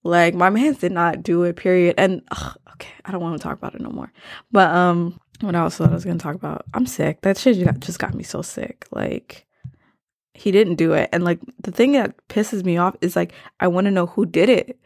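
Gravelly-voiced young woman podcaster. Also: on the low side, animated, a little fast, darkish tone, dry recording, studio quality. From Maryland, US. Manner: rambling, slangy and profane, drifting off topic. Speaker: podcast host. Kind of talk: casual solo podcast chat.

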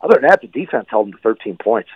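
Fast-talking man on a dull remote line. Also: lowish voice, breathy edge, no room sound. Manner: blunt, animated opinions. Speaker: guest football analyst. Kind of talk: casual sports radio chat.

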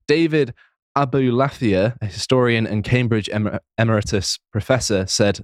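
Dry sarcastic man, low voice. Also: no room sound. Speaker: podcast co-host. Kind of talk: casual podcast chat.

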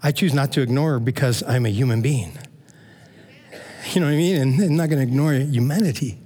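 A middle-aged man preaching a sermon as pastor, telling stories in a lively, conversational way and checking in with the congregation. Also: mid-range voice, fairly quick, slightly rough. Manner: animated storytelling, frequent "man" and "amen?" asides.

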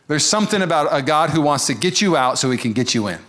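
A pastor preaching a sermon to a church congregation. He talks very fast in a slightly high voice. He keeps a joking, conversational energy throughout. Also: animated, fairly bright tone. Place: church service before a congregation.

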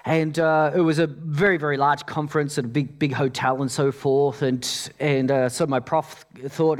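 A man preaching a sermon as pastor, telling stories with many repeated words, dropping soft and low for quoted lines. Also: moderate pace.

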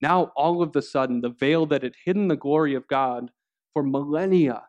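A man preaching a sermon, earnest and steady, with pauses and restarts as he explains scripture. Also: lo-fi sound. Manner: earnest preaching, acts out quoted voices with rising pitch. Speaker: pastor.

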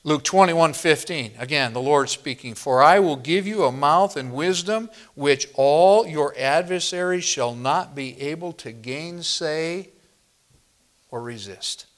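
A man preaching a sermon in a measured, unhurried way, pausing to ask his congregation questions as he works through the text. His voice sits a little higher than most men's. He grew up in the northern Midwest of the US. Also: fairly bright tone. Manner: teacherly, asks the congregation questions. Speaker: pastor.

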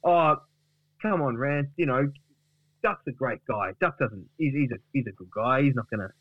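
A man's voice: medium pitch, animated, normal speed, no room sound, dull audio, close to an everyday voice. A man doing a soothing, rambling host. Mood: placating. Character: placating chatty male show host.

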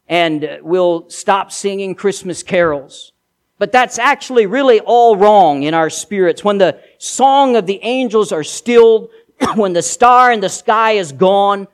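Pastor, male, higher voice, preaching with emphatic repeated refrains. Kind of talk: sermon.

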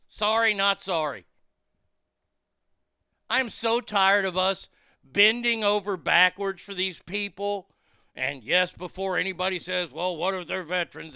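A man rants through a crude, furious commentary from his car. His voice is high and gravelly yet bright and clean. It sounds very dry and close. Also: no room sound. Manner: angry, crude, blunt, heated. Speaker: streamer reacting to a news clip. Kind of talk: profane ranting commentary.

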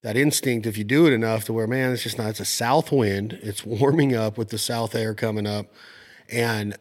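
A man hosting a casual chat, asking questions and telling an animated hunting story with laughs and mimicry. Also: on the low side, normal speed.

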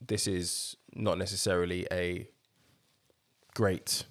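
A man co-hosting a podcast, talking politics in a measured way and steering the topic. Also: low-pitched, little pitch movement. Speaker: podcast co-host. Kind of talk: casual political chat.

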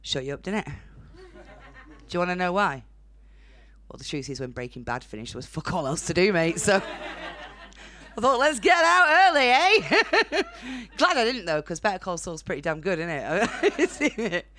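Low-voiced Northern woman doing stand-up. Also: expressive, normal speed. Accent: Northern English. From Northern England. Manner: blunt, chatty, laughs at own jokes. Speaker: stand-up comedian. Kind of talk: stand-up set. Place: comedy club stage.

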